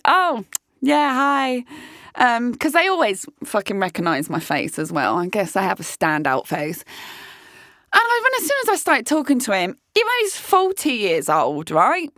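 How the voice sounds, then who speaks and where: A woman's voice: on the high side, wildly swooping pitch, moderate pace, fairly bright tone, dry recording, studio quality. A woman in her late thirties telling a dating story as a vlogger, blunt and swearing often. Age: 30s. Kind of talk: casual storytelling monologue.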